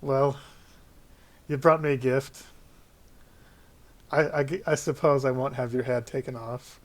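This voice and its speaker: A man voicing a gruff, blunt middle-aged male dwarf king in a tabletop role-play game. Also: medium pitch, flat delivery, unhurried, close to an everyday voice. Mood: jovial.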